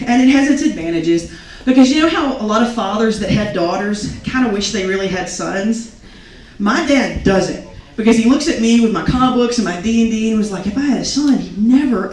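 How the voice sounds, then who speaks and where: A woman's voice: a little high, normal speed. A young woman performing a stand-up comedy set, telling self-mocking stories and acting out quotes. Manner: animated, self-mocking storytelling with acted quotes. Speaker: stand-up comic. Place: comedy club stage. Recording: echoey club recording from a distance, crowd noise. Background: audience laughing.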